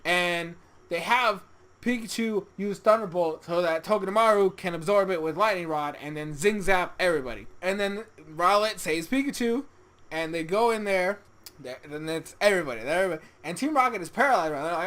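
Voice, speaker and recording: A young adult reviewing an anime episode in casual solo commentary, excitable, swearing often and laughing a lot. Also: mid-range voice, brisk.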